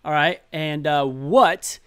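A man co-hosting a podcast in casual chat, laid-back and pausing often with fillers. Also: a little high. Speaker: podcast co-host.

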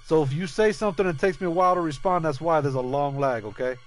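Male streamer, casual rambling chat, swears freely, slightly raised pitch. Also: fast, soft background music. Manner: loose and profane, rambling, jokey. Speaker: gaming streamer.

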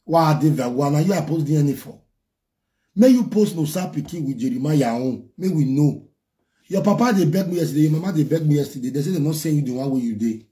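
A Nigerian man hosting a talk show, berating a caller in a scolding, mocking way. His voice sits a little high but sounds mellow and warm. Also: animated, fast talker. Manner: scolding, mocking, rising into loud outbursts. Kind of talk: ranting at a caller in Nigerian Pidgin.

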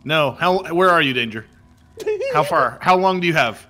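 A man's voice: fairly high pitch, animated, normal speed. A man streaming a video game with friends, exasperated and swearing, laughing along with them. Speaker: gaming streamer. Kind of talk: casual gaming banter.

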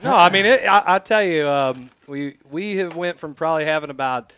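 Male co-host; bright, tense tone, easygoing jokes in casual banter. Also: a little high, moderate pace, no echo. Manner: joking, easygoing, often laughing. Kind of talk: casual banter on a live stream.

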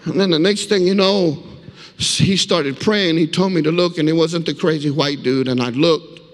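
A man with a notably high-pitched voice preaches as a guest speaker, sharing his testimony as a vivid, emphatic story. He urges the congregation to answer him with amens. His voice rings through a church hall with a long, echoing reverb. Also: moderate pace. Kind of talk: sermon with personal testimony. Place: church sanctuary.

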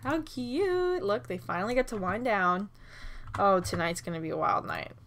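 A young woman hosting a Let's Play, reacting with excited laughs and swearing as she plays. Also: fairly low pitch, moderate pace. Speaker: gaming channel host.

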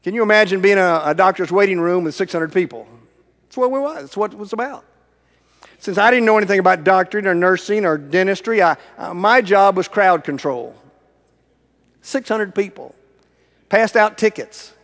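A middle-aged man preaching a sermon in a church with a long reverb tail. His voice sits fairly high for a man, and his storytelling swings from full volume down to near whispers. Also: animated, normal speed. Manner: dramatic storytelling that swings from loud to hushed, almost whispered. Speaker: evangelist preaching. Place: large church sanctuary.

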